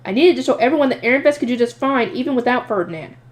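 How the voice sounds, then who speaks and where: A woman reads a light novel aloud quickly, her voice sitting a bit high. Her lively, expressive delivery gives feeling to the narrator's private thoughts through voiced asides.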